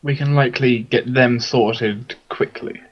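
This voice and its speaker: A man talking as a player in a tabletop game, halting and restarting as he goes. His voice is husky and comes through a dull, muffled lo-fi mic. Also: mid-range voice, steady tone. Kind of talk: casual tabletop play.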